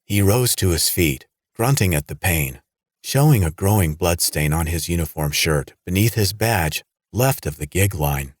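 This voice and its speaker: Deep husky guy reading a horror audiobook, lively, dry close sound. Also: a little slow, dry recording. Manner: dramatic, lively storytelling. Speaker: audiobook narrator. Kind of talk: scripted horror narration.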